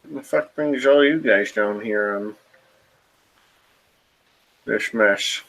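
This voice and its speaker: A man's voice: on the low side, takes it slowly, gravelly, a bit bright, heavily acted. A man voicing a crude, wary male rat-man who lives in the sewers, talking bluntly and with swearing, in a tabletop role-play. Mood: gruff. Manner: blunt, profane, laid-back.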